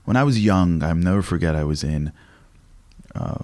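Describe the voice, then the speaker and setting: A man in his forties, a lecturer speaking as a guest in an interview, telling stories in an animated way with frequent restarts. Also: deep voice. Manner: animated, fast, with many restarts. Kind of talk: conversational storytelling interview.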